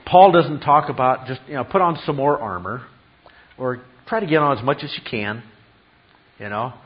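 A man's voice: medium pitch, moderate pace, highs cut off. Emphatic man preaching a sermon. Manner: emphatic, repeats key phrases, asks the congregation questions. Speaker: pastor.

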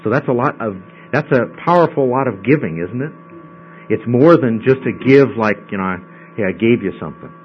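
A man's voice: mid-range voice, expressive, normal speed. Guy teaching bible class, chatty, keeps asking okay?, dull lo-fi sound with a faint hum. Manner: conversational, checks in with frequent "okay?". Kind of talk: Bible study lesson. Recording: dull lo-fi recording with mains hum.

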